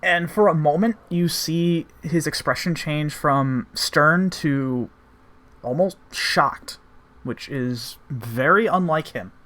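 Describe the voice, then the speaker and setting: A man narrating as game master, relaxed with many fillers, voicing characters along the way. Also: fairly high pitch, slow.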